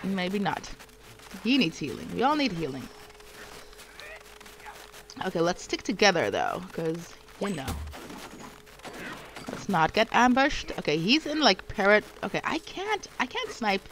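A woman's voice: medium pitch, huge pitch swings, unhurried, pauses often, fairly bright tone, a little hiss or hum. A woman streaming a video game, talking to herself as she plays and breaking into panicked shrieks when attacked. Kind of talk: live gameplay commentary.

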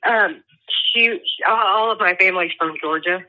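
A woman's voice: medium pitch, moderate pace. A woman calling in to a radio show by telephone, speaking hesitantly. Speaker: caller. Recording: dull phone-line sound.

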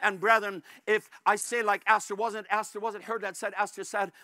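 A male pastor delivers an impassioned sermon, calling out to his brethren again and again and building to shouts. His voice sits high and rings hard and forceful. The sound is close and dry. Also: flat delivery, brisk, no echo. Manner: fervent, repeatedly calls out "brethren"; rises to shouts at climaxes.

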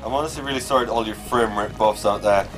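Swearing gamer yelling at his game. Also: lowish voice, quick pace. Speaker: let's play gamer. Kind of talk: casual gameplay commentary. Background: faint game music.

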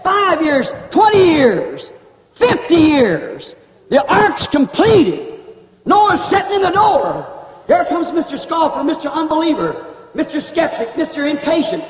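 High-pitched preacher guy, fervent and folksy, lots of reverb, long hall echo. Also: very animated, unhurried. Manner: fervent, folksy country grammar. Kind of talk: revival sermon. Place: church hall. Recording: echoey hall, dull old tape.

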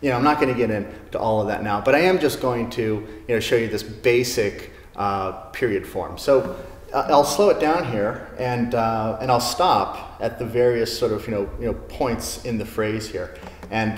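A man giving a casual guitar lesson in a showroom, talking in a relaxed way with many fillers. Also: fairly low pitch, normal speed, echoey room, in a large hall. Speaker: guitar teacher. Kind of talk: casual spoken music lesson. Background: classical guitar playing.

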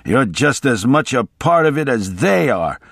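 A man's voice: mid-range voice, sing-song, a little slow, gravelly, fairly bright tone, breathy edge, dry recording, clean studio sound, full character voice. A man voicing a wild, paranoid male lawyer who blusters and accuses. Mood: accusing.

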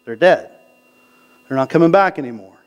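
A male pastor preaching a sermon in a casual, conversational way, often checking in with the congregation and slowing down to read scripture. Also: fairly high pitch, lively intonation, dull audio. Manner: conversational preaching, asks the crowd "right?"; reads scripture slowly. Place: church sanctuary.

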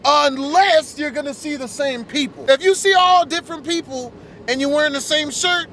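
High bright-voiced young man vlogging. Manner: joking, teasing, quick comebacks. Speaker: vlogger host. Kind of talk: casual car vlog banter. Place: in a car.

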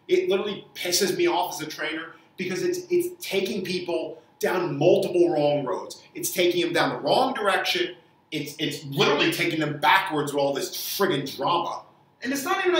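A man's voice: sits high, a bit bright, far from the mic. A man who works as a fitness trainer, giving an angry, profane opinion rant with many stumbles and repeated words. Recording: echoey room, voice off mic.

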